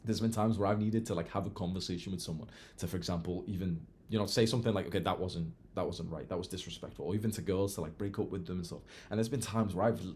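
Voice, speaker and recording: A young man giving a casual self-improvement monologue, blunt and animated, swearing freely. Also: lowish voice.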